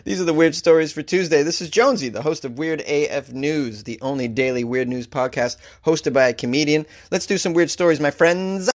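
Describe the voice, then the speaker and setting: A man's voice: fairly high pitch, a little fast, few pauses. A man who hosts a comedy news podcast, reading odd stories and ranting about them with sarcastic mock outrage. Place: Los Angeles.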